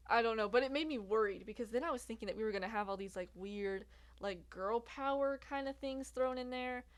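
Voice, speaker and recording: Young woman, slightly high voice, casual review chat, laughs a lot, rambling fillers, outdoors. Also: brisk. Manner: chatty, laughs often, many fillers and asides. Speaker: YouTuber reviewing a TV series. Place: outdoors in bright sunlight.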